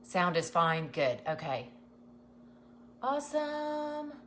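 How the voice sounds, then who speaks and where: A woman's voice: lowish voice, measured pace, a little hiss or hum. A woman hosting a casual craft livestream, greeting viewers and chatting with many ums and restarts. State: nervous.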